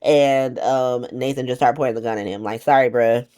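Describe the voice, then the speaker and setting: A woman giving a casual, slangy comedic recap of a soap opera, acting out the characters in quick voices. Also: extremely low pitch, dark tone.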